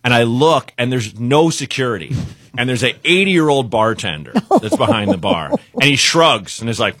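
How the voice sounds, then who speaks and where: Husky, animated comedian man. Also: medium pitch, normal speed, dry recording, studio quality. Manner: animated, laughs through his own punchlines. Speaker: stand-up comedian guest. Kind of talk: comic storytelling on a radio show. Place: radio studio. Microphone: studio microphone.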